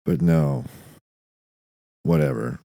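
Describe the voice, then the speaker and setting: A man hosting a podcast, delivering a dry, deadpan, profane comedic monologue. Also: rumbling low, takes it slowly, creaky, no room sound. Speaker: podcast host.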